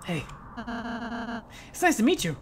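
A man's voice: high-pitched, huge pitch swings, unhurried, slight background noise, full character voice. A man voicing a nervous, boyish prince from a video game who stammers and hesitates as he reads the lines aloud. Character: nervous boyish spade prince, eager to please.

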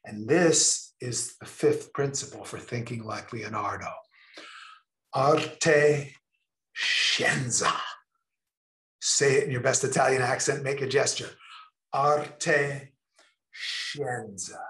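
A man presenting a creativity session in a lecture style, speaking expressively with emphatic, drawn-out pauses. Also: medium pitch, roomy sound. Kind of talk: lecture-style talk to a remote audience.

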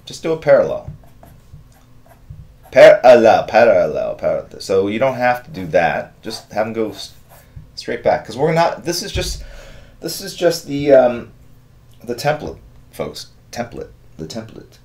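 A middle-aged man hosting a live drawing stream, giving relaxed, rambling step-by-step instructions and thanking viewers in the chat. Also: mid-range voice, moderate pace. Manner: relaxed, rambling instructions with fillers and chat-reader shout-outs. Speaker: artist hosting a draw-along stream.

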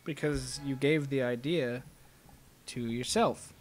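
A man's voice: mid-range voice, takes it slowly, soft background music. A man playing a video game and commenting, rambling goofily and telling jokes. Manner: goofy, rambling joke-telling. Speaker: let's play host. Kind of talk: let's play commentary.

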